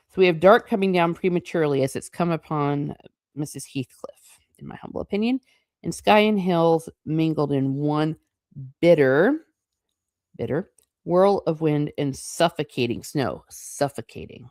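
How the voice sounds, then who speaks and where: A woman with a low, deep voice reads a classic novel aloud, slow and deliberate, then drops into relaxed, chatty remarks about what she has read. Her voice is close and dry, with no room sound around it. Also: no echo. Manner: slow, deliberate reading broken by chatty, amused asides. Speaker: host. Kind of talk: reading a novel aloud with casual commentary.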